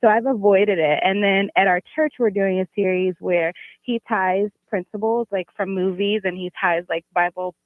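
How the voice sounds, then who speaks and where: A woman's voice: medium pitch, fairly even intonation, moderate pace, few pauses, no room sound. A woman calling in to a radio show, chatting and laughing at herself as she talks. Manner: chatty, laughing, self-deprecating. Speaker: caller. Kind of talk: casual phone-in chat. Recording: tinny phone line.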